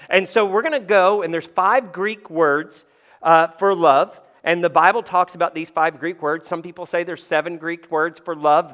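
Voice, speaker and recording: Chatty pastor with a smooth voice. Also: male voice, fairly high pitch, fairly bright tone. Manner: conversational, asks the room "right?" often; self-deprecating humor. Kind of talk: sermon. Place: church.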